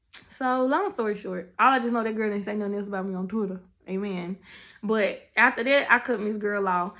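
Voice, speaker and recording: A young woman telling her testimony in casual, animated storytelling, talking straight to her viewers. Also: mid-range voice, fairly quick. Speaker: testimony speaker.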